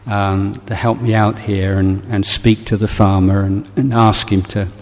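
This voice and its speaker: A frightened little mouse begs his friends for help in a storybook tale, as a man puts him on in his own low, level voice. The plea rings out with a long hall reverb behind it. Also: flat delivery, unhurried, darkish tone. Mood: pleading. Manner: anxious, pleading. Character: small frightened male mouse pleading for help.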